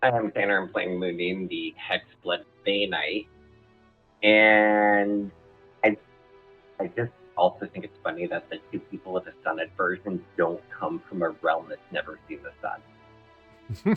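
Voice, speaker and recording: Brief: male player, lowish husky voice, wry, thin phone-like sound. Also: steady tone, unhurried, faint music behind. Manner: wry, low-key. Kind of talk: casual tabletop game chat.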